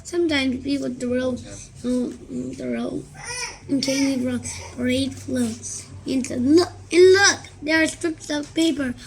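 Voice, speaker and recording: A woman voicing a curious, sharp-tongued young girl who teases her friend. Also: high voice, fairly even intonation, slow pace, gravelly, heavily acted. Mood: lively.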